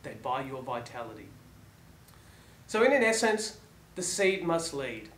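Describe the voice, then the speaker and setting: A man giving a motivational talk to listeners, asking rhetorical questions and letting his phrases fall soft at the ends. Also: medium pitch, big pitch swings, unhurried. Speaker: motivational speaker. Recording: echoey room, faint background ambience.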